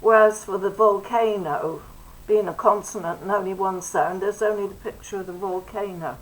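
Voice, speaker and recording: An older woman teacher explaining vowel sounds, drawing out and exaggerating each vowel in a slow, deliberate way. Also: medium pitch, fairly even intonation, poor audio. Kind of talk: phonics lesson. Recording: faint background noise.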